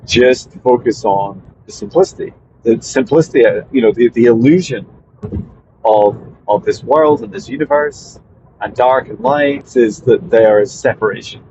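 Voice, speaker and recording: A man, a spiritual mentor, talking casually to his viewers in a meandering way, often pausing and restarting. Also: mid-range voice, dull audio, background noise. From Scotland. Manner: meandering, hesitant with fillers and restarts.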